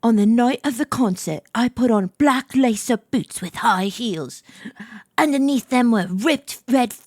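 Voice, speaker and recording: A woman's voice: a little high, measured pace, no echo, clean studio sound. A woman reading a gloomy goth teenage girl's story aloud in a put-on British accent, theatrical and self-mocking. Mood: dramatic reading. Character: gloomy goth teenage girl narrating her day.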